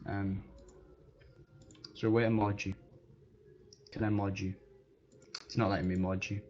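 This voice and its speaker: A man's voice: on the low side, level tone, moderate pace, a little mellow, a little hiss or hum. A man streamer chatting casually on a live stream, joking and self-deprecating. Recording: dull lo-fi recording.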